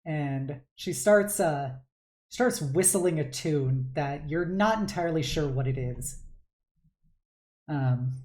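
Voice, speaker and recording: A woman runs the tabletop game as game master, narrating at an unhurried pace. Her voice is low, and she fills her sentences with hesitant pauses. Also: lively intonation, mellow. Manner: hesitant, full of fillers.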